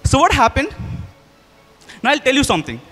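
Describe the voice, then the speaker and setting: A young man performing a story live, chatty and animated, speaking straight to the audience and shifting his pace for effect. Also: very high voice, fairly quick. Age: young adult. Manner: chatty, addresses the audience directly. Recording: hall reverb.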